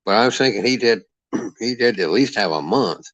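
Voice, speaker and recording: A man's voice: on the low side, animated, moderate pace, a bit bright, no room sound. A man delivering a heated, profane boxing rant as the channel's commentator. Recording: dull lo-fi dry sound.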